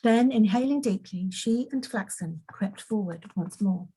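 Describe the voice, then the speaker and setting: A woman reading her own fantasy story aloud in an unhurried way, now and then correcting a slip. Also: on the high side, warm tone, slightly rough, low-quality recording. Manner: unhurried, occasional slips and self-corrections.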